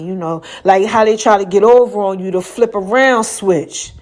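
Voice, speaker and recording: A woman hosting her own podcast, sharing a faith testimony in loose, slangy talk. Her voice sits somewhat high, and she jumps into the voices of the people she quotes. She laughs often along the way. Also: brisk, few pauses, darkish tone. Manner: laughs often while talking. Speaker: podcast host. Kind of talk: casual faith testimony storytelling.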